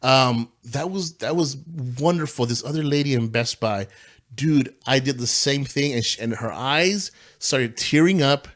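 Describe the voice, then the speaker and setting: A man who is a pastor, telling stories in a casual podcast chat, slangy and animated, saying "bro" and "dude". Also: mid-range voice, measured pace.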